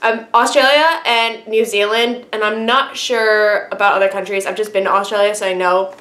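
A woman's voice: medium pitch, steady tone, normal speed, a bit bright. Bubbly young woman vlogging in an echoey room. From United States. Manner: bubbly, chatty, with many fillers. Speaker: YouTube vlogger. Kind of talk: casual product review vlog.

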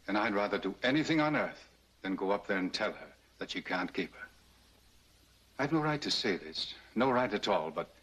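An intense grieving husband. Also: male voice, on the low side, breathy edge, rough recording. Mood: pleading. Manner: quietly intense, pleading then threatening. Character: grieving wealthy husband confronting a baby-selling doctor. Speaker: film actor. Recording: old 1930s film soundtrack.

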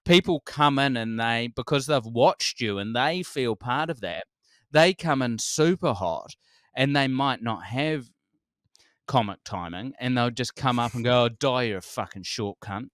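A man in his forties with a New Zealand accent, a comedian telling stories as a podcast guest, animated, laughing often and swearing freely. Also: medium pitch, a little slow, no room sound, clean studio sound. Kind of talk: casual conversation.

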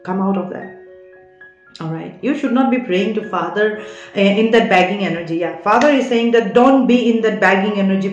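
A woman's voice: mid-range voice, normal speed. A woman giving an earnest spiritual tarot reading, often checking in with her listeners as she talks. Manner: earnest, keeps checking in with "all right?". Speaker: tarot card reader. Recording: roomy, dull lo-fi sound with faint music.

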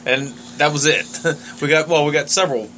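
A man's voice: on the high side, normal speed, pushed and bright, slight background noise. A man co-hosting a casual podcast, easygoing and making wry asides. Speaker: podcast co-host.

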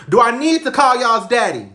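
A man's voice: a little high, sing-song, moderate pace, a bit bright, roomy sound. A man doing a brash, sassy mom. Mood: teasing. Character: loud, sassy single mother, woman.

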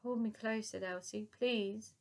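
A woman's voice: mid-range voice, steady tone, unhurried, darkish tone, lightly acted. Young girl voiced by a woman, brave, tender, earnest, storybook. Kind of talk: storybook reading.

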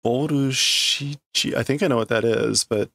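A man reading a comic aloud on a stream, translating it line by line in a halting way as he thinks it through. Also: medium pitch, gravelly, fairly bright tone. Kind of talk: casual read-through stream.

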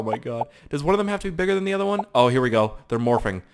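A young man giving excitable, profane live gameplay commentary with yelling outbursts. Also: medium pitch, fast, background noise. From Canada. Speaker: gaming YouTuber.

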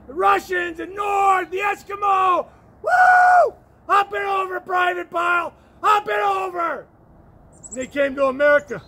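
High-voiced man rambling with sudden shouts. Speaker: vlogger. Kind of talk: rambling outdoor monologue. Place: outdoors, walking up a hill.

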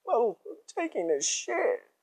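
A man's voice: very high voice, wildly swooping pitch, takes it slowly, a little mellow, slightly rough, voice pushed up, full character voice. A man putting on a groaning, exasperated man stuck on a toilet in a comic story. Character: man named John straining on a toilet.

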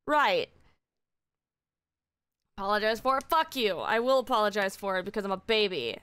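Bright, excitable woman streamer who swears. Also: medium pitch, normal speed, pauses often, smooth. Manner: excitable and heavily profane. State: voice still recovering from strain. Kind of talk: casual live-stream chat.

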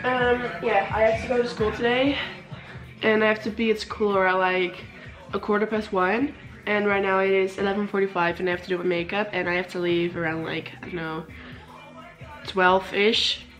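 A woman's voice: mid-range voice, fairly even intonation, moderate pace, fairly bright tone, soft background music. A young woman vlogging in a casual, rambling way, with a sore throat and a voice partly gone from a cold. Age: young adult. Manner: chatty, rambling, self-correcting, mildly sarcastic. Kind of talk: casual vlog chat.

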